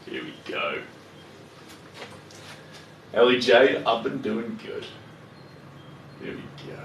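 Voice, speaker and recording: A man's voice: mid-range voice, big pitch swings, takes it slowly, vocal fry, dull audio, slight background noise. A man live-streaming while he paints. He chats casually, mutters to himself as he works, and greets viewers. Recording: roomy echo, voice far from the mic, faint ambience.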